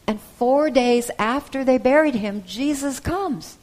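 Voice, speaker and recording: A woman preacher giving a sermon, retelling a gospel story with soft pauses and the odd hesitation. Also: high-pitched.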